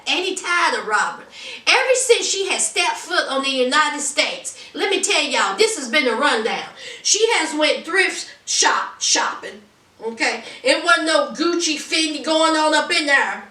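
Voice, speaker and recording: Brief: sassy woman reviewer, high and bright, teasing and dramatic, recorded a bit far from the mic. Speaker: reality TV reviewer. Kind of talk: casual recap commentary. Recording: roomy echo, distant from mic.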